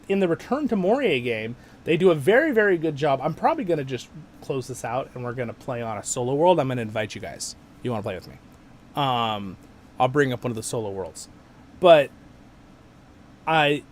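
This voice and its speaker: A man hosting a casual gaming livestream, rambling and excitable as he plays and answers chat. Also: medium pitch. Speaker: livestream host.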